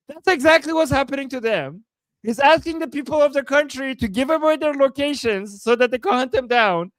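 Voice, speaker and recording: A woman's voice: sits high, dry recording, poor audio. A woman co-hosting a casual political chat, talking emphatically and hammering her points home. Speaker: co-host.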